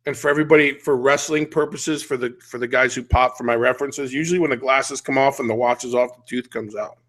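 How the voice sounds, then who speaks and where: A man's voice: medium pitch, steady tone, fast talker, fairly bright tone. A middle-aged man hosting a podcast, ranting bluntly and animatedly in casual chat. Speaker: podcast host.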